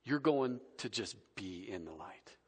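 A man preaching a casual, conversational sermon, swinging between loud emphasis and quiet, soft passages. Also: on the low side, lively intonation, measured pace, breathy edge. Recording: long reverb of a large hall.

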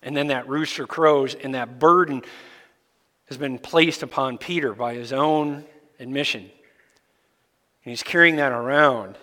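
A man preaching a sermon as pastor, explaining scripture in a deliberate, emphatic way. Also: medium pitch, pushed and bright. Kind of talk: expository sermon. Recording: long reverb in a large hall.

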